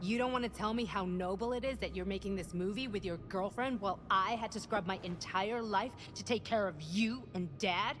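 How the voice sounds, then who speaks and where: An actress as Bonnie, a sarcastic older sister. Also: female voice, medium pitch, fairly quick, few pauses, a bit bright, slight background noise, natural voice. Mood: resentful. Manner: sarcastic, cutting. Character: bitter, resentful adult sister, a caretaker.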